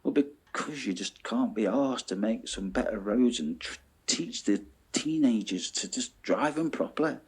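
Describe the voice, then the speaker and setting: Male vlogger, husky voice, swings widely in pitch, ranting monologue. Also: a little slow. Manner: animated, swearing, checks in with "yeah?".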